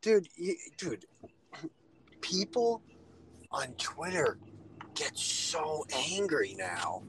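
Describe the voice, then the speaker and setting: A man's voice: a little high, sing-song, extremely slow, fairly bright tone, slight background noise. A man co-hosting a podcast in casual chat, rambling with lots of fillers. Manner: rambling, many "like" fillers, mocking quotes. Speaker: podcast co-host.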